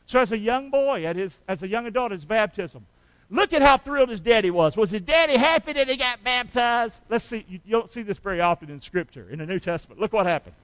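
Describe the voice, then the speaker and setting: A man's voice: high-pitched, lively intonation, quick pace, a bit bright, clear, resonant tone, no echo, low-quality recording. A middle-aged man preaching a sermon as pastor, calling out to the congregation for amens and answers. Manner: call-and-response preaching, asking the congregation for amens.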